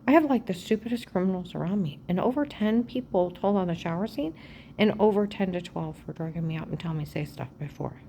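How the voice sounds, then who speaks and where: A female vlogger talks fast in a lowish voice, facing the camera as she rambles through a personal grievance, agitated and jumping between claims. She often falls to a hushed, half-whispered tone, and there's a little hiss or hum.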